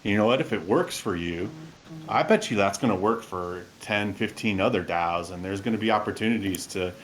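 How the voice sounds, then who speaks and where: Low-voiced man presenting a tech talk. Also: moderate pace. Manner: enthusiastic, loose, filler-heavy. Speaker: presenter of the SDK overview. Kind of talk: technical talk and Q&A answers.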